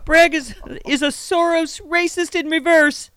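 A woman doing a shrill ranting old politician. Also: steady tone, a little slow, no echo. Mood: ranting indignant. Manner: shouty, indignant, mock-grandiose. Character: blustering older male politician ranting in posts.

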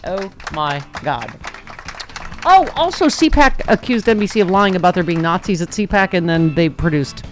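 A woman's voice: on the low side, animated, moderate pace. A woman hosting a political talk show, bantering casually and joking, often with a laugh. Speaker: radio talk show host.

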